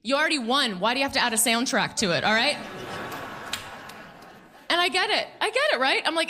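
A woman in her thirties doing a stand-up comedy set on a club stage, animated and acting out quotes in put-on voices. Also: on the high side, brisk.

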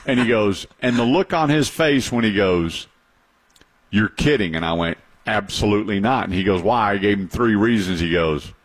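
Guy hosting car radio talk, kinda low voice, chatty, repeats himself for emphasis. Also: very animated, normal speed. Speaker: radio show host, car advisor.

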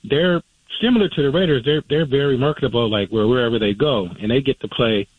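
A man calls into a sports radio show and talks casually, stumbling over fillers as he works out his point. His voice is mid-pitched and dry, and it comes through a narrow, tinny phone line. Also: quick pace, slightly rough, dry recording. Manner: casual, hesitant with many fillers. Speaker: caller.

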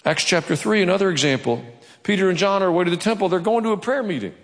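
Brief: male pastor, gravelly, storytelling sermon in a reverberant church hall. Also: high voice, fast talker. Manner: storytelling preacher with asides.

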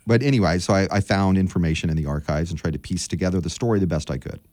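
Deep-voiced professor guest, dry studio. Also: male voice, racing, a little mellow, no echo. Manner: storytelling, chatty and self-deprecating. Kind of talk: casual radio interview. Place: radio studio.

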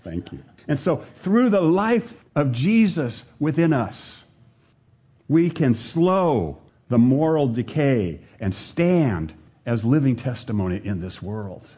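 A man's voice: slow pace, slightly rough. A man preaching a sermon to his congregation as their pastor, asking them questions and raising his voice to stress his points. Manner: animated preaching, rises in pitch to stress points, asks the congregation.

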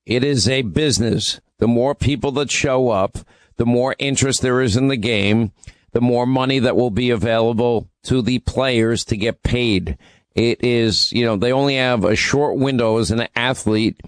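A man's voice: mid-range voice, normal speed, no echo. A man hosting a radio talk show, rambling conversationally through ad reads and news, with fillers and restarts.

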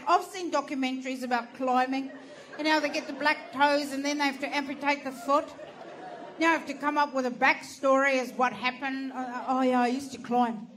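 A woman telling a stand-up comedy story, swearing freely and breaking into loud, animated bursts. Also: high-pitched, noisy background. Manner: animated, profane, bursts into shouting.

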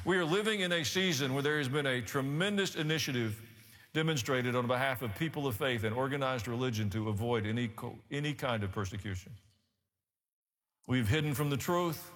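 A man preaching a sermon, telling the story in an animated, emphatic way with rhetorical asides. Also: medium pitch, a little fast. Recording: long hall reverb.

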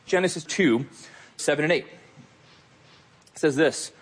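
Husky-voiced preacher, earnest and emphatic. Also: male voice, fairly high pitch, lively intonation, unhurried, pauses often. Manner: earnest, emphatic, direct address to listeners. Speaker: pastor. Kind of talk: sermon.

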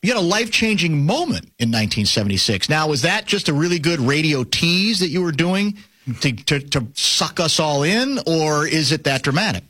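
A male host interviews a guest and keeps cutting in with playful questions and jokes. His husky voice moves around a lot in pitch. The recording is dry and close, with no room sound. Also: expressive, normal speed, pushed and bright, no room sound. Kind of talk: talk show interview.

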